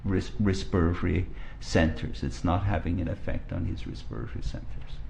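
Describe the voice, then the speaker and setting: A man with an Irish accent giving measured, explanatory testimony as an expert witness in court. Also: low voice, vocal fry, warm tone, slight background noise. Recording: dull courtroom broadcast audio.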